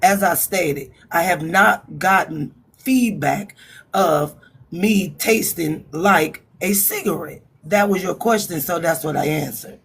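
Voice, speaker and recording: A woman calling in to a panel chat, with a raspy smoker's voice, talking frankly and holding back on private matters. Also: fairly low pitch, takes it slowly, a bit bright. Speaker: panel caller. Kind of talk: casual chat.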